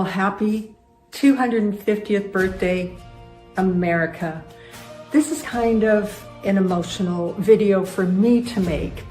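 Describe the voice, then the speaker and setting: A woman's voice: medium pitch, mellow, echoey room. A woman in her fifties from Canada, speaking earnestly and emotionally as a guest. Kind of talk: heartfelt personal talk.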